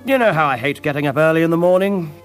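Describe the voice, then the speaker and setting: A man acts out a lazy, wine-loving Victorian lord in an audiobook drama, jovial and drawling in a posh way. His voice sits a little high and moves in lively leaps, with quiet music beneath. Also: fast, natural voice.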